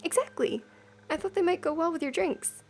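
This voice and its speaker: A woman's voice: very high-pitched, brisk, a little hiss or hum, pitched above the performer's own voice. A woman voicing a timid young adventurer in a game, talking eagerly and gratefully. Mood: earnest. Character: timid young adventurer setting off on first quest, nervous but hopeful.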